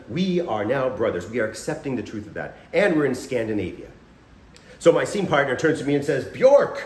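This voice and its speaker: A man, a scare actor, casually explaining acting techniques and briefly acting out lines in a raised voice. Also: on the low side. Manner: animated, acts out short scene lines in a raised voice. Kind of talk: casual instructional talk to camera. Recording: roomy echo.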